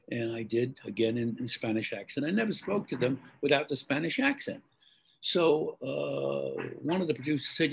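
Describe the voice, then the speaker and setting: An older man, an actor guest telling stories in an interview, halting with many fillers and restarts. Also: mid-range voice, creaky, breathy edge, low-quality recording. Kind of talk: interview storytelling.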